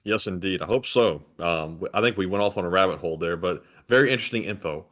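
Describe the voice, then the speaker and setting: A man's voice: low voice, fast, a bit bright. A man co-hosting a livestream who chimes in with short, dry, wry remarks. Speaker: co-host. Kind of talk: casual live commentary.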